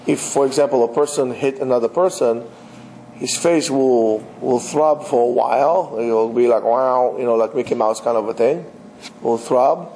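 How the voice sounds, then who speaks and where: A man's voice: mid-range voice, normal speed, mellow, a little hiss or hum, poor audio. A man, a rabbi, giving an emphatic religious lecture and speaking straight to his listeners with rhetorical questions. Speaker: rabbi teaching.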